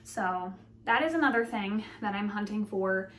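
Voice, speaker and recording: A woman's voice: medium pitch, normal speed, a bit bright, reverberant, slight background noise. A woman, gushing in a bubbly, chatty way as she shows her collection in a casual vlog. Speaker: vlogger. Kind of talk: casual show-and-tell vlog.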